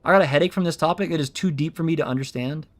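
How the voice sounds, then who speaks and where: Rapid-fire and a little high-pitched, this man chats casually on his VTuber stream using his own streaming mic. He rambles as he explains things, constantly saying um and starting over.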